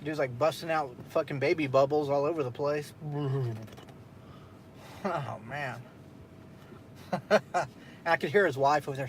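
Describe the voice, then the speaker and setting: A man's voice: a little high, unhurried, long pauses, a little hiss or hum. Laid-back, foul-mouthed storytelling man. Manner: loose, profane storytelling with frequent laughs. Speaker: streamer host. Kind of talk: casual late-night chat.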